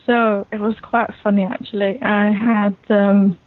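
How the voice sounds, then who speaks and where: A woman's voice: medium pitch, flat delivery, measured pace. Guest, woman, cheeky storyteller, tinny phone-like call. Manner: playful, cheeky. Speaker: podcast guest. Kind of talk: casual podcast chat, recounting a story. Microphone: online voice call. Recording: thin phone-like call audio.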